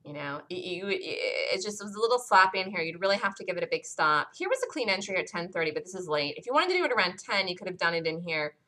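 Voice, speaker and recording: A woman coaching a room of day traders through a chart, her voice bright and forward. She talks emphatically, hammers the same point several times, and keeps asking the room if anyone has questions. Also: on the low side, very animated, fast, hardly any pauses, rough recording. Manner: emphatic and repetitive, asks listeners questions. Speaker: trading room leader. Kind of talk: live stock chart review.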